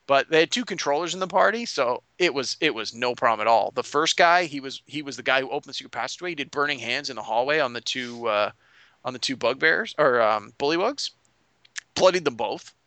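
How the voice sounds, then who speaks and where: A man recapping his tabletop campaign in a loose, rambling chat. His voice is bright, crisp and forceful. He is recorded close on a dry mic, with no room echo. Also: mid-range voice, animated, brisk. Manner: rambling, many restarts and fillers. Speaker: game master. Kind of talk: casual podcast recap.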